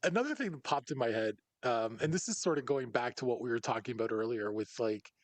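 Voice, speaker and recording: A man hosting a podcast in casual chat, telling stories in an animated way. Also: medium pitch, quick pace, no echo. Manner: animated storyteller who acts out other people's lines. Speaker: podcast host.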